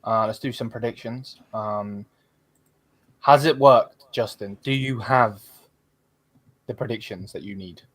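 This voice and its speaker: A man's voice: lowish voice, measured pace, pauses often, fairly bright tone, breathy edge, no room sound. Rambling man hosting. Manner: rambling, swears freely, many fillers. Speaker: podcast host. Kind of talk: casual football chat.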